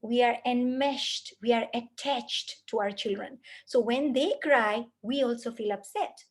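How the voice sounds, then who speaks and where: Earnest woman lecturing, slightly high voice. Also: measured pace. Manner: earnest, lists things in repeated phrases. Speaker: parenting speaker. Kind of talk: spoken lecture.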